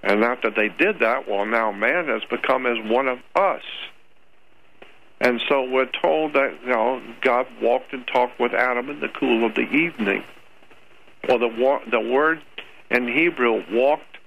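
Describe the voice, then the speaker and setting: Gravelly older man lecturing on radio. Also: mid-range voice, slight background noise. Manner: lecturing, spells words out letter by letter, repeats points. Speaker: guest researcher. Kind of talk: radio interview monologue. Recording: dull lo-fi radio audio.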